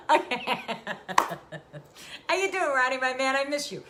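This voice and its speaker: A woman's voice: high voice, very animated, unhurried, long pauses, noisy background. A middle-aged woman hosting a live-streamed talk show, effusively calling out viewers by name.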